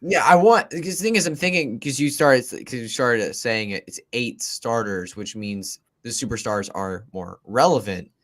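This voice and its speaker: Guy cohosting a sports chat show, emphatic and repeats himself a lot, mid pitch. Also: normal speed, few pauses, a bit bright. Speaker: podcast co-host. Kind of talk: casual fantasy football chat.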